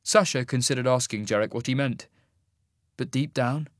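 A narrator reading a story aloud in a slow, even way. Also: mid-range voice, no echo, clean studio sound.

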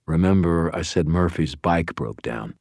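A guarded vampire brother who keeps his words low and clipped, voiced by a man reading. His voice sits very deep, a touch quieter than the narration. The recording is dry and close. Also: animated, unhurried, no room sound.

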